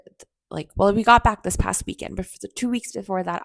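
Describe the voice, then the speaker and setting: A young woman hosting her own podcast, speaking in a hoarse, husky voice from a recent cold. She talks in a chatty, reflective way, with plenty of fillers. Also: mid-range voice, a little fast, no room sound, clean studio sound. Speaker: podcast host. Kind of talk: casual solo podcast talk. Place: home in Austin.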